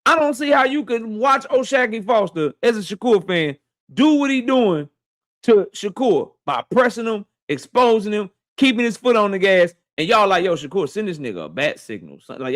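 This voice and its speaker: A man's voice: sits high, very animated, normal speed, fairly bright tone. A man hosting a live boxing talk stream, ranting at his chat in a heated, profane, mocking way. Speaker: boxing talk show host.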